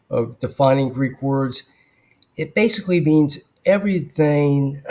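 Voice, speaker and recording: A man explains biblical Greek grammar verse by verse in an unhurried, deliberate lesson. His voice sits at an ordinary middle pitch, and he pauses often with fillers and throat clearing. Now and then he drops in a dry aside. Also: darkish tone. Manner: slow, thoughtful, with frequent fillers and throat clearing. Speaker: Bible Greek teacher.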